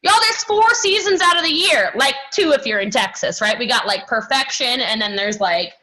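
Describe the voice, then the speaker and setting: A woman giving an energetic motivational talk at a team training. She is sassy and emphatic, and keeps checking in with "okay?" and "right?". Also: a little high, normal speed, low-quality recording. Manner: animated and sassy, acts out other people's voices.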